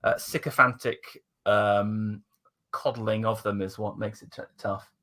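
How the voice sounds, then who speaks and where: A man's voice: on the low side, steady tone, unhurried, sharp tone. A man chatting casually as co-host over a video call, a self-described curmudgeon who stammers into his sentences. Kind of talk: casual chat commenting on videos.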